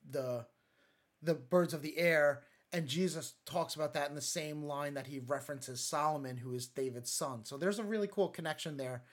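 A man giving a casual, conversational sermon talk, retelling Bible stories with lots of fillers and acted-out quotes. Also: a little high. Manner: conversational, many fillers and restarts, acts out quotes. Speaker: church speaker.

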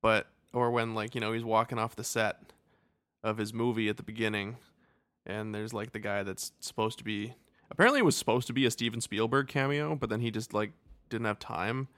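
A man's voice: on the low side, brisk, fairly bright tone, no room sound, clean studio sound. A man co-hosting a podcast, rambling casually about a movie, laughing often and acting out silly quotes. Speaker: podcast co-host. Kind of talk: casual movie review chat.

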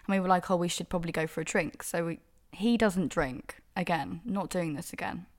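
A young woman hosts a solo podcast, telling dating stories in a candid, sweary, exasperated way. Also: lowish voice. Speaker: podcast host.

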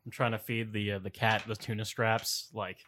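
A man's voice: on the low side, little pitch movement, moderate pace, bright, forceful tone. A man playing a tabletop game, joking in a laid-back way. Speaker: player. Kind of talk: casual tabletop game play.

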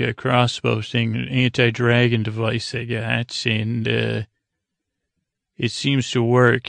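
Halting, flat-voiced man with gravelly fry. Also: medium pitch, no echo. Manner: halting, many "uh"s and restarts, loosely quoting characters. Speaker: podcast host recapping a TV episode. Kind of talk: rambling casual recap.

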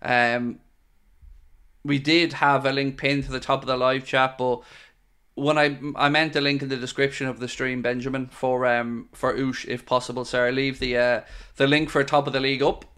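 An Irish man hosting a football fan channel answers viewer questions on a live stream, frank and chatty, calling everyone mate. His medium-pitched voice is flat, smooth and a bit bright at a moderate pace.

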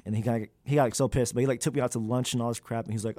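A man's voice: mid-range voice, steady tone, very fast, few pauses, warm tone, no echo. A young man, a graduate student, talking candidly in an interview, with many fillers and loose, rambling sentences. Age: young adult.

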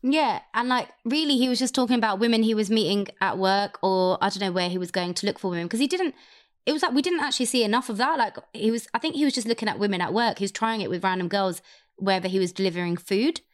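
Sarcastic young British woman. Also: medium pitch. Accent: British English. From England. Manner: animated, sarcastic, quick to mimic. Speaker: podcast co-host. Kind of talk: casual film chat.

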